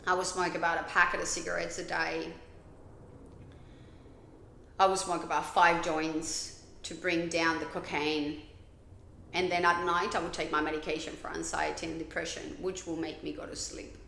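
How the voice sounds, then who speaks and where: Podcast host: a woman from Colombia, low gravelly voice, blunt and confessional, recorded in an echoey room. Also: level tone, moderate pace, a bit bright, slight background noise. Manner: candid, blunt, swears freely. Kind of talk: confessional personal monologue.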